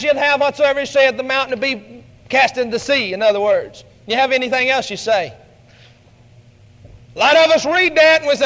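Preacher guy, really high bright voice, big swings loud to soft, echoey hall. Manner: emphatic, dramatic shifts in pitch and loudness. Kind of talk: radio sermon.

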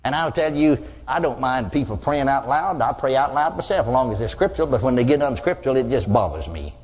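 An older man preaching a sermon, telling folksy stories and acting out loud prayers. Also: mid-range voice, expressive, brisk. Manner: folksy storytelling, mimics praying loudly. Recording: reverberant hall.

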